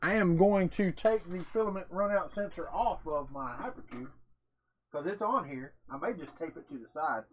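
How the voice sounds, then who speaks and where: A livestream host with a Southern US accent chats casually with his live viewers, folksy, drawling, and joking. His fairly high voice moves at a normal speed, and the recording is dry.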